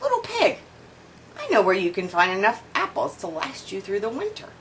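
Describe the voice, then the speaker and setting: A woman's voice: medium pitch, wildly swooping pitch, moderate pace, a bit bright, a little hiss or hum, low-quality recording. A woman voicing a hungry, scheming male wolf in a children's storybook reading, pleading and blustering by turns. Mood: sly.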